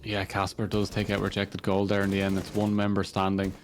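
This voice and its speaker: Irish male caster, low register, brisk dry play-by-play over faint noise. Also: monotone. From Ireland. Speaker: esports caster. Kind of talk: play-by-play commentary.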